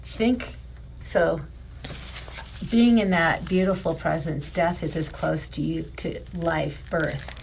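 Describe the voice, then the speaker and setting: A woman hosting a podcast who responds to her guest in a warm, affirming way. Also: low-pitched, slow pace, vocal fry, slight background noise, rough recording. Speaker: podcast host. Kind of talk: supportive interview chat.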